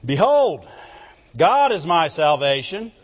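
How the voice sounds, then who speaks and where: Pastor, man, fervent sermon delivery, fairly high voice, dull lo-fi church recording. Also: big pitch swings, takes it slowly. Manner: fervent preaching, asks the congregation "Amen?". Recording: reverberant hall, dull lo-fi sound.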